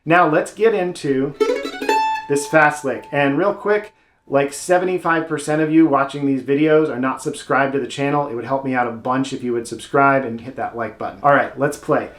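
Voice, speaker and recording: A man's voice: medium pitch, moderate pace, faint music behind. A man teaching mandolin technique step by step, friendly and casual, with playful asides. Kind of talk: instructional video lesson. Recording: roomy sound with loud mandolin playing. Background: mandolin playing.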